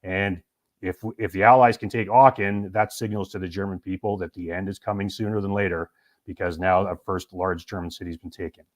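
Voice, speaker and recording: A man's voice: low voice, fairly even intonation, fairly quick. A man, a military historian and urban operations instructor, giving a detailed, explanatory presentation as a guest to the show's host.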